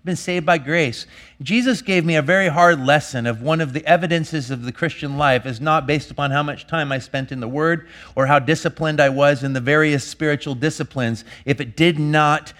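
A man preaching a sermon as a pastor, earnest, swinging between emphatic bursts and hushed lines. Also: on the high side, moderate pace.

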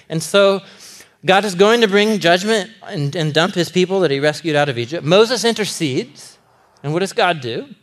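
A man preaching a sermon in a loose, conversational way, animated and laughing often, with fillers. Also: on the high side.

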